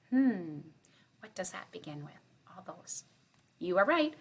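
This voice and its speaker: A woman's voice: lowish voice, big pitch swings, slightly rough. A woman kindergarten teacher giving a cheerful online morning lesson to young children, sounding out letters and counting with them. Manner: cheerful, slow and sing-song, sounding out letters.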